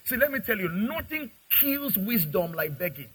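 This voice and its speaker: A man preaching a lively sermon, acting out little scenes between parents and children and customers. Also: high voice, moderate pace, slightly rough, low-quality recording. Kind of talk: sermon with acted dialogue.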